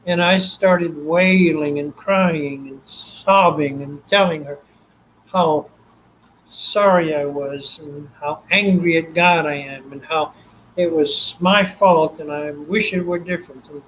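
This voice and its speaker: An older man from Texas with a Texan accent, a guest telling his story in an animated way and acting out the voices. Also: on the high side, slow, a little hiss or hum, poor audio. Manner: animated, acts out quoted voices. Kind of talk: storytelling interview.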